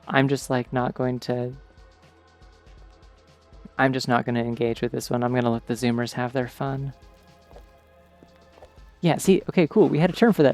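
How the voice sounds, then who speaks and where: A male streamer talks casually over his gameplay, drifting from thought to thought with plenty of filler words. His voice is gravelly, with a bit of vocal fry. Soft game music plays faintly underneath. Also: medium pitch, fairly even intonation, moderate pace, pauses often. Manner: rambling, digressive, many "like" fillers. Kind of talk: casual chat while gaming.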